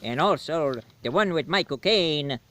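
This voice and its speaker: A man voicing a jolly, booming Santa Claus with a mock Swedish accent and a hearty ho-ho laugh in a comedy sketch. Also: expressive, measured pace, a bit bright. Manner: hearty, rambling, jokey.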